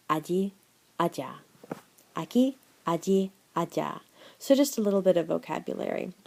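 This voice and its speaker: A woman teaching a Spanish class in a recorded slideshow lecture, encouraging, dropping in Spanish words and reading answer lists slowly. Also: fairly low pitch. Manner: encouraging, switches between English and Spanish phrases.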